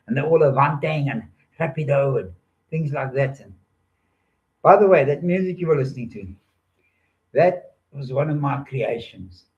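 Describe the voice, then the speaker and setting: An older man spins a loose, rambling monologue, full of jokes and sudden detours. His voice sits at an ordinary middle pitch. The recording is dull and lo-fi, with the top end muffled. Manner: playful, joking, digressive. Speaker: storyteller.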